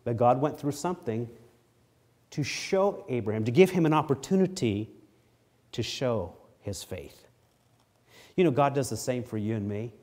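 A middle-aged man preaching a sermon, reading scripture aloud with swelling emphasis and dropping low for asides. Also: animated, normal speed, pauses often, a little mellow. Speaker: pastor.

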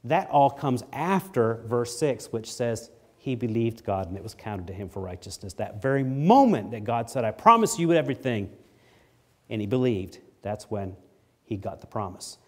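A middle-aged man preaching a sermon, reading scripture aloud with swelling emphasis and dropping low for asides. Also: expressive, moderate pace. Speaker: pastor.

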